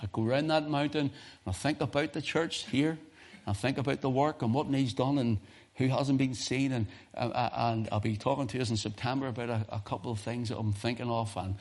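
A middle-aged man with a Northern Irish accent, a pastor preaching a sermon through animated, humorous storytelling. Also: medium pitch, brisk.

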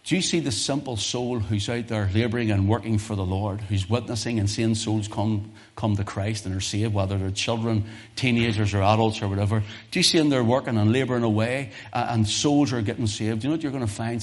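Fervent male preacher, low-pitched. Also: a little fast. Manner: impassioned, swelling to loud fervent peaks then dropping to quiet asides; conversational, repeats phrases for emphasis. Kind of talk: sermon.

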